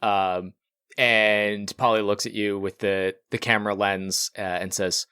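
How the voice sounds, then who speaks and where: Dry-sounding relaxed game master. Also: male voice, on the low side, unhurried, clean tone, no room sound. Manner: relaxed, supportive, hesitant fillers. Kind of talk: narrating a tabletop game.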